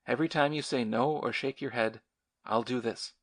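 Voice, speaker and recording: A man's voice: medium pitch, normal speed, a bit bright. A man reading the lines of a stern, determined young war veteran in an audiobook, commanding and insistent.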